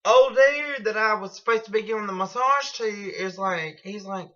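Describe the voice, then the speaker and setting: A woman's voice: mid-range voice, moderate pace, hardly any pauses, sharp tone, lo-fi sound. A woman telling a rambling story at home in a blunt, profane, casual way. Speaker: vlogger.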